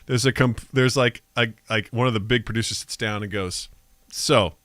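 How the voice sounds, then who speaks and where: A man's voice: medium pitch, steady tone, fairly quick, fairly bright tone, no room sound. A man co-hosting a podcast, telling stories in casual chat and acting out quotes, swearing freely. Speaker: podcast co-host.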